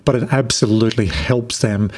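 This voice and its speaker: A middle-aged Australian man with a relaxed, conversational manner, answering interview questions as a productivity coach. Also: mid-range voice, normal speed, husky. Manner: relaxed, conversational, frequent restarts.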